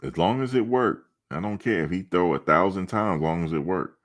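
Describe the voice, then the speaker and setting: A man's voice: low voice, lively intonation, brisk. A male host of a football fan show, chatting casually in a playful, joking, slangy way and repeating himself for emphasis.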